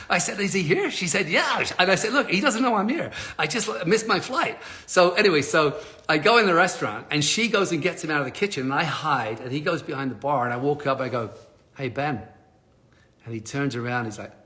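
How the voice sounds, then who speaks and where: A man's voice: on the high side, bright, forceful tone. A middle-aged man hosting a live stream, telling a personal story to his viewers and acting out the dialogue. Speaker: live stream host, speaker on change.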